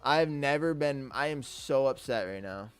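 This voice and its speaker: A young man live-streaming his day trading, excitable and swearing often as he talks to his chat. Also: medium pitch, measured pace, clean tone, no room sound. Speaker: livestreaming day trader. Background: faint music.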